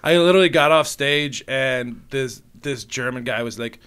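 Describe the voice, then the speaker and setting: A man's voice: medium pitch, normal speed, hardly any pauses, fairly bright tone, clear, resonant tone. A man, a comedian guest, telling stories in casual podcast chat, laughing often and mimicking other people's voices.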